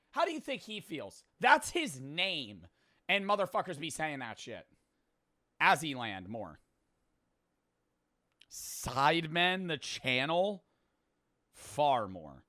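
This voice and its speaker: A young man in his twenties giving excitable live commentary as he plays a game, muttering low and then shouting, swearing freely. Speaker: gaming streamer. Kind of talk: live gaming commentary to chat.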